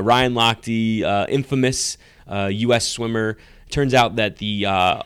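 A man's voice: medium pitch, smooth, dry recording, studio quality. A man co-hosting a podcast in casual chat, rambling and laughing as he tells stories. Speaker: podcast co-host.

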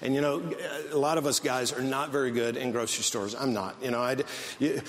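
A man preaching a sermon, telling stories and dropping his voice low to quote calm speakers. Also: brisk. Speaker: pastor. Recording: long reverb of a large hall.

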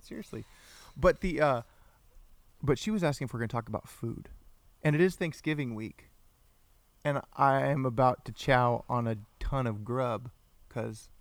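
A man's voice: mid-range voice, normal speed, pauses often, dry recording. A man hosting a casual livestreamed podcast, chatty and playful, greeting viewers by name. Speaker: podcast host.

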